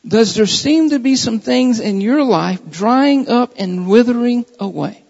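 High-voiced gravelly preacher in a reverberant hall. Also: male voice, a little mellow. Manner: earnest, repeats phrases for emphasis. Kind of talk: sermon. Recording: dull lo-fi recording with long hall reverb.

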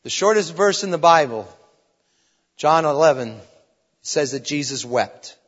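A man preaching a sermon, swinging between loud exhortation and hushed, earnest pleading. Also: on the high side, expressive, a little slow, breathy edge. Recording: dull, slightly lo-fi sound with long reverb.

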